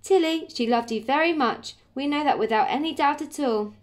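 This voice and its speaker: A woman's voice: sits high, moderate pace, voice pushed up, natural voice. A woman reading aloud and voicing a firm but loving older grandmother in a children's story, with an English accent. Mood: tender. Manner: firm yet gentle.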